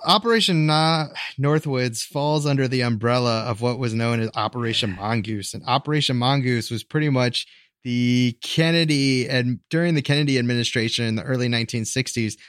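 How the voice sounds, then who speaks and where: Male co-host, mid-pitched, hesitant explainer, dry close sound. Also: moderate pace, a bit bright, no echo. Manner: rambling, hesitant, self-correcting explainer. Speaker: podcast co-host. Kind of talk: casual explanatory chat.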